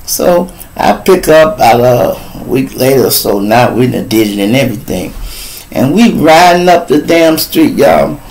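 A man's voice: medium pitch, expressive, unhurried, darkish tone, low-quality recording. A man with a Chicago accent, hosting a live talk show and telling crude stories, laid-back and speaking straight to his listeners. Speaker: show host.

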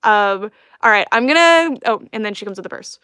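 A woman's voice: medium pitch, animated, brisk, bright, forceful tone, smooth, dry recording, clean studio sound. A young woman chatting casually on a live stream at home as she unboxes dolls, rambling and giggling with lots of fillers. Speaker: doll collector livestreaming an unboxing. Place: home room.

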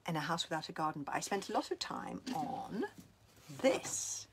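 A woman from London, a children's author, reading her book aloud and answering questions at home over a video call, swinging between loud and whispered. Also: low-pitched, big pitch swings, moderate pace, background noise. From London, England. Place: home, indoors.

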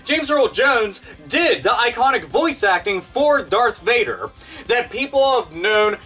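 A man's voice: very high-pitched, sing-song, a little slow, pushed and bright, husky, recorded from a distance, soft background music. A man ranting in online commentary, profane, sarcastic and exasperated.

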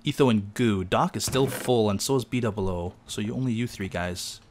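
A man chatting casually while playing a game with a friend, excitable and quick to yelp when startled. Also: noisy background. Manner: excitable, jumps high in pitch when startled. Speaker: gamer. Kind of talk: casual gaming commentary.

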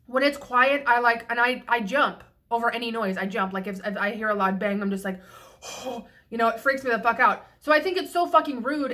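Bright-voiced young woman venting profanely. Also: a little high. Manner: frank and profane, rambling with restarts. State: slightly tipsy. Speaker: vlogger. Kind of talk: casual venting monologue.

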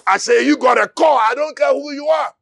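A man preaching a fiery sermon, shouting and crying out, repeating his words as he presses his listeners. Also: extremely high pitch, fairly quick, gravelly, no room sound, clean studio sound.

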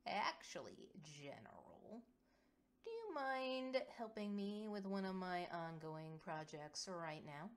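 A woman's voice: mid-range voice, lively intonation, takes it slowly, voice pushed up. A woman voicing a playful, scheming female lieutenant with animal ears who talks in a teasing, mischievous way.

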